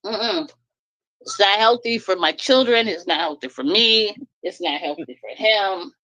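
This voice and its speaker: A woman's voice: medium pitch, expressive, a little slow, pushed and bright, no echo. A woman venting bluntly and emphatically in casual chat on a live stream, laughing now and then.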